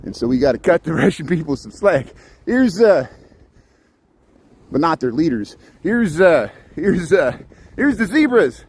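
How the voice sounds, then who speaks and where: A man's voice: on the high side, very animated, unhurried, darkish tone, breathy edge. A man live-streaming on a phone as he walks outdoors through a zoo in the snow, chatting casually, laughing often and answering viewer comments. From Chicago area.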